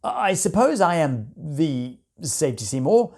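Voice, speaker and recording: A woman's voice: low voice, very animated, a little slow, a little mellow, exaggerated voice. A woman voicing a brave, proud old male bear who speaks earnestly in a storybook reading.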